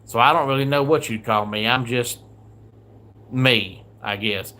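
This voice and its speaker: Bright-voiced Southern man ranting casually. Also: medium pitch, unhurried. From American South. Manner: chatty, grumbling, reads viewer comments aloud. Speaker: livestream host. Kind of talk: casual livestream countdown chat.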